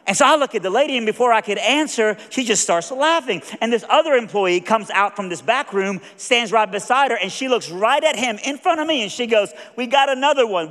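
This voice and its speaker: A man preaching a sermon with a Southern American accent, telling a story in an animated, folksy way and acting out the other voices. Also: high-pitched. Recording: long reverb of a large hall.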